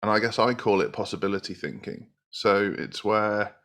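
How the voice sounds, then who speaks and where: Low-voiced man hosting a podcast. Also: steady tone, moderate pace, fairly bright tone. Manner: reflective, agreeable, builds on the guest's points. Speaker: podcast host. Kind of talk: casual podcast conversation.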